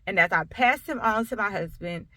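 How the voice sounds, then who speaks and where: A woman coach tells her own story straight to camera, conversational and emphatic, circling back on her points. Her voice is bright and forceful. The sound is dry and close, with no room echo. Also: medium pitch, normal speed. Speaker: coach and sickle cell awareness speaker.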